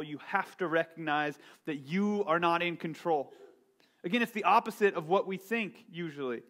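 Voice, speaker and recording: Guy preaching casually, jokey stories about himself, voice a bit on the high side, keeps saying right?. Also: moderate pace. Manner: self-deprecating storytelling, animated, lots of "right?". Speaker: pastor. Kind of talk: conversational sermon.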